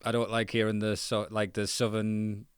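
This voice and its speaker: A man talking football on a podcast, his voice sitting fairly low. He rambles cheerfully and slips into jokes. The sound is dry and close, with no room around it. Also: monotone, moderate pace, clean tone, dry recording. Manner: laughs often, jokey and rambling, drifts into mocking impressions. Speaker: podcast co-host. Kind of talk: casual football chat.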